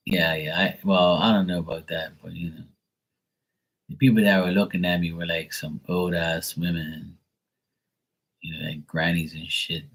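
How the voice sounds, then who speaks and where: Husky deep-voiced man rambling. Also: flat delivery, moderate pace, fairly bright tone, rough recording. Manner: rambling, profane, with many fillers. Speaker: live stream tarot reader. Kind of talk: casual livestream chat.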